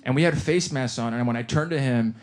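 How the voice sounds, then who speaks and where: A man doing stand-up, telling a story in an animated, profane way and laughing through his own lines. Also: medium pitch, brisk. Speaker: stand-up comedian.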